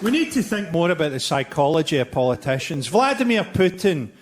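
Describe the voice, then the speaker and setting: A man performing a stand-up routine with a deadpan, biting delivery. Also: fairly high pitch, a little fast, background noise. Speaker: stand-up comedian. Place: theatre stage with audience. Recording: live show with loud audience laughter.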